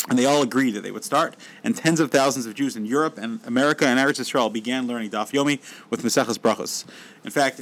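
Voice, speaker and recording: A man giving a storytelling lecture as a Torah teacher, animated and repeating words when excited. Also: mid-range voice, poor audio.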